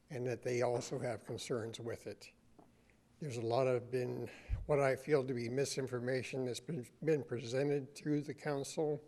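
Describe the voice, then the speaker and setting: Polite man making a measured public comment. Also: mid-range voice, a little mellow. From United States. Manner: measured, polite, with frequent "uh" pauses. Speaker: resident giving public comment. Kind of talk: public comment at a council meeting.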